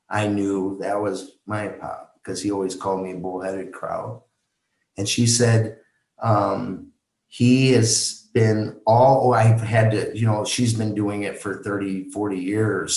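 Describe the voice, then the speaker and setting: Male podcast guest, low and unhurried, halting personal storytelling, roomy echo. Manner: slow, halting retelling with restarts and quoted dialogue.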